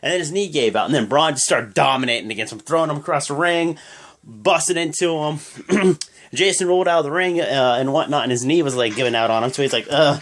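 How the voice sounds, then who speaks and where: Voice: mid-range voice, a little fast. Rambling casual wrestling recap vlogger. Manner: rambling, filler-heavy, loose and chatty.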